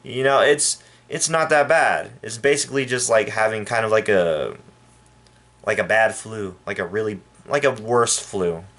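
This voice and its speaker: A man from El Paso, Texas, giving a rambling, halting and indignant opinion rant to his viewers. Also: on the low side, fairly bright tone. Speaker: vlogger. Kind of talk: casual opinion rant to camera.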